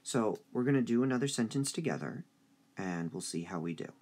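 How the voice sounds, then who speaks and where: A man teaching a high school English review lesson, speaking slowly and deliberately and drawing out stressed syllables. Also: expressive, a little mellow.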